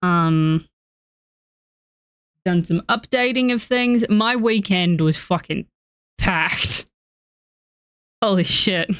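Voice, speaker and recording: A woman's voice: on the low side, slow pace, long pauses, fairly bright tone, clear, resonant tone, no room sound, studio quality. A young woman from Australia with an Australian accent that is starting to blend with a Canadian one, chatting casually and swearing freely while she streams a game. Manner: chatty, swearing, self-mocking storytelling.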